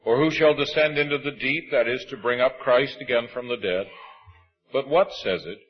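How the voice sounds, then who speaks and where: Measured man preaching a sermon. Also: medium pitch, lo-fi sound. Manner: measured, emphatic preaching with slow stresses. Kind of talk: sermon reading from scripture.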